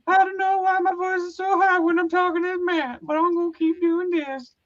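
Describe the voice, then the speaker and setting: Goofy squeaky-voiced young guy, playful mockery, a man in falsetto; dull call audio. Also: level tone, normal speed, fairly bright tone. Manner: playful, mocking impression of a friend. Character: goofy high-pitched young man, cheerful.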